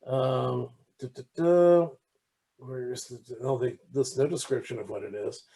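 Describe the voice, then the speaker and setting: A man's voice: medium pitch, unhurried, dark tone. Rambling man chatting casually. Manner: rambling with many restarts and fillers, acts out quoted lines. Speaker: podcast co-host. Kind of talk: casual chat.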